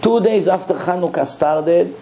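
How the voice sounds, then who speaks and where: A man, a rabbi, telling a story in a sermon, animated and swinging between low asides and sudden high exclamations. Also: moderate pace, noisy background.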